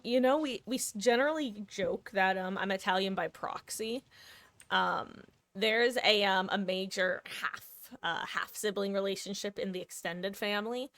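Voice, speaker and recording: A woman in her thirties chats casually while live-streaming a game, rambling with lots of "ums" and "likes." Her voice is medium-pitched with a sharp tone, and the recording has no echo.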